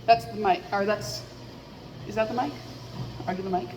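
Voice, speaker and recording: A woman's voice: mid-range voice, fairly even intonation, moderate pace, darkish tone, echoey room, in a large hall, slight background noise, rough recording. A woman vlogging into a headset mic, rambling candidly and poking fun at herself as she thinks aloud. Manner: chatty, self-deprecating, thinks aloud.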